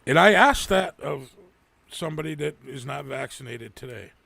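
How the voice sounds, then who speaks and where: Gravelly, profane livestream host man. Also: on the high side, lively intonation, normal speed, pushed and bright, no echo. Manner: rambling and profane, with frequent restarts. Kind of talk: casual livestream chat.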